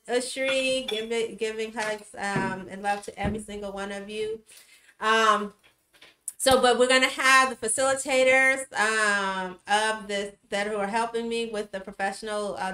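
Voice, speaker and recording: A woman's voice: medium pitch, roomy sound. A woman hosting a casual livestream, greeting viewers by name with many fillers. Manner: warm shout-outs to viewers, many fillers. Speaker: livestream host.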